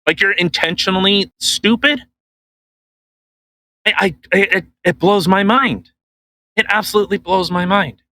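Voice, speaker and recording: A man's voice: sits high, measured pace, long pauses, low-quality recording. A man co-hosting a podcast, ranting casually with lots of swearing and mocking impressions. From Canada. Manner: animated, swears a lot, mocking put-on voices. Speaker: podcast co-host. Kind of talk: casual profane podcast rant.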